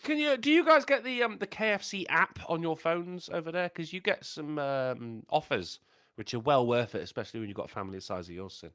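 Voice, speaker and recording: A man's voice: on the high side, animated, fairly quick, fairly bright tone, no echo, studio quality. A man in casual chat making wry, teasing remarks.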